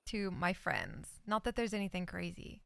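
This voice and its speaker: Soft-spoken woman with vocal fry. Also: fairly low pitch, very animated, moderate pace, no room sound. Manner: reads messages aloud, often dropping into a whisper. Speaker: roleplay streamer. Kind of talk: in-character western roleplay chat.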